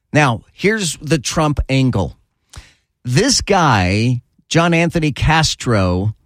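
Slow, sarcastic male radio host. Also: mid-range voice, no echo, studio quality. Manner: sarcastic, repetitive, drawn-out emphasis. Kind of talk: opinionated talk radio monologue. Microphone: studio microphone.

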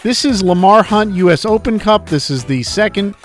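A man with a notably high speaking voice, talking sports in loose, rambling radio banter. A faint music bed plays underneath him. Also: animated, normal speed. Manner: chatty, rambling, reads segment rundowns.

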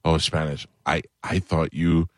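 A man's voice: flat delivery, unhurried, dry recording. A man hosting a radio show, trading jokes in casual studio banter and breaking into giggles. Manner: laughing, swooping into high giggles.

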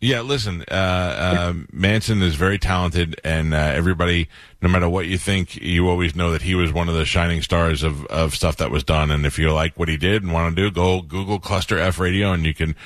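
A man with a New York accent hosting a radio show, telling stories in an animated way with quick laughs. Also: sits low, no room sound. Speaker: radio host. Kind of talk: casual radio chat.

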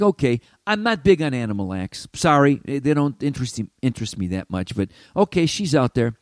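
An older man talks on his own show in a loose, rambling monologue, often stopping and restarting. His voice swoops up and down with lively energy. The sound is dry and close. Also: mid-range voice, no echo. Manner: animated, self-interrupting storyteller. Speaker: podcast host.

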